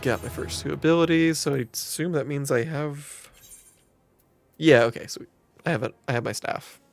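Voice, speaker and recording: A man giving quiet, offhand joking asides while playing a game. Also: on the high side, normal speed, creaky, soft background music. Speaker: gamer, channel host. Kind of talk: casual gameplay commentary.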